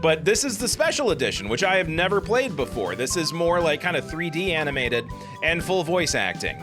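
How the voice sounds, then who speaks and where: A man's voice: fairly high pitch, sing-song. Cheerful middle-aged man doing game commentary. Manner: enthusiastic, chatty, quick jokes. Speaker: let's play host. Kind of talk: gaming commentary. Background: game music.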